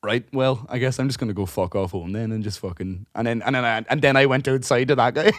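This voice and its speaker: A man, co-hosting a podcast and telling a story in casual chat, animated, swearing freely and acting out what people said. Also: medium pitch, dry recording, clean studio sound. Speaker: podcast co-host.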